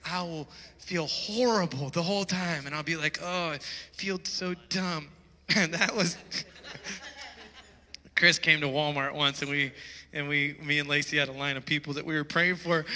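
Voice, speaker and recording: A pastor preaching a sermon to his church, excitable and getting loud when he is stirred up. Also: sits high. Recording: preaching in a reverberant church hall.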